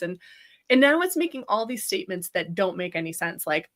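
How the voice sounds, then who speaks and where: Animated, bright-voiced woman telling a story. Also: medium pitch, brisk. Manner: animated, laughing often, many fillers. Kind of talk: casual storytelling chat.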